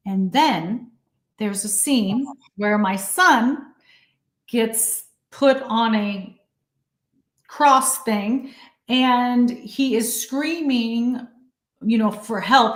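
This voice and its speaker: A woman actress as an interview guest, chatting casually and telling lively stories. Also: fairly high pitch, slow pace. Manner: animated storyteller, acts out quotes. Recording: roomy echo.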